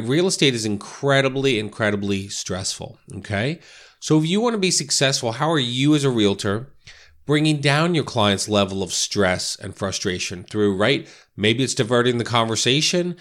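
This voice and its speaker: A man's voice: mid-range voice, animated, normal speed, a bit bright. A man coaching real estate agents in a casual, conversational way, often checking in with "right?" and "you know". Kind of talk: casual instructional talk.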